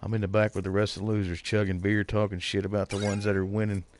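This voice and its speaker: A man's voice: fairly low pitch, level tone, quick pace, darkish tone. A man streaming a game and chatting casually with his viewers, bantering with them by name. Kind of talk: casual live gameplay commentary.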